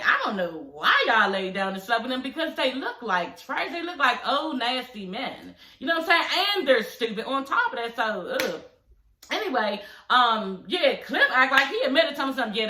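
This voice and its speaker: A woman's voice: fairly high pitch, pushed and bright. A woman vlogger giving a blunt, profane, chatty recap of a reality show. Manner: blunt, profane, chatty, frequent laughing asides. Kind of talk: casual recap vlog. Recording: echoey room.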